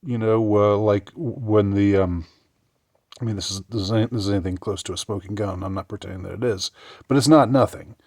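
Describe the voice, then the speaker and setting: A man giving sarcastic political commentary in a halting way, often restarting his sentences. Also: fairly low pitch, steady tone, darkish tone, no echo, studio quality. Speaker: commentary vlogger.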